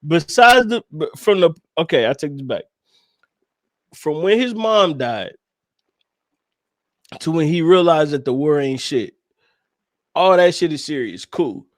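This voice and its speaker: High-voiced man in animated movie chat. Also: a little slow, pauses often, no room sound, studio quality. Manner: animated, profane, laughing often. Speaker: podcast co-host. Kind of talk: casual movie review chat.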